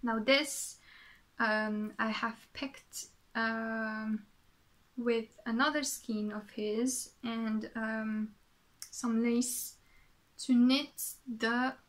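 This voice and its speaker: A woman's voice: a little high, fairly even intonation, very slow, a bit bright. A woman from France with a French accent, chatting casually as a podcast host, rambling and correcting herself as she goes. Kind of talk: casual show-and-tell chat.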